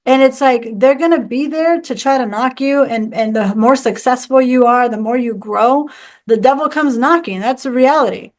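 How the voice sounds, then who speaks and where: A woman's voice: high-pitched, moderate pace, hardly any pauses, darkish tone. A woman guest in an interview, speaking in an upbeat, emphatic motivational manner. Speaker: author guest. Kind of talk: conversational interview.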